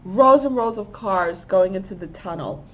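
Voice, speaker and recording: A woman tells a long story of a vision in a casual, rambling way. She grows animated and puts on the voices of the people in it. Her voice sits at an ordinary middle pitch. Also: moderate pace. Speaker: spiritual channel host.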